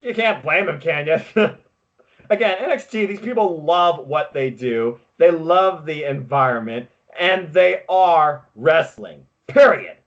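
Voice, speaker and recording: A man co-hosting a podcast, recapping wrestling in casual chat with excitable, quick play-by-play. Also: on the high side, muffled recording. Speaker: podcast co-host.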